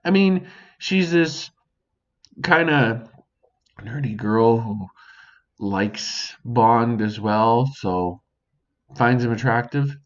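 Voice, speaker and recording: A man's voice: mid-range voice, animated, extremely slow, long pauses, highs cut off. A man hosting a casual solo podcast, swearing freely and speaking to an imagined audience, recorded at home. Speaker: podcast host. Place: home near a sink.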